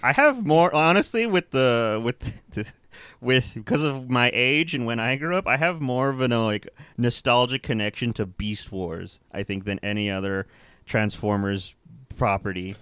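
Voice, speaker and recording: A young man co-hosting a casual podcast, rambling along, laughing often and swearing freely. His voice comes through smooth and resonant, recorded close and dry. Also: medium pitch, normal speed, fairly bright tone, no echo. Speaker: podcast co-host. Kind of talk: casual chat.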